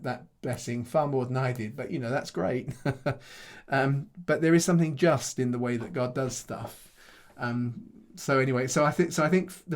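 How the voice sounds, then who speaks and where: After a teaching session, a middle-aged pastor answers questions thoughtfully and haltingly, often restarting and chuckling between his points. His voice is medium in pitch.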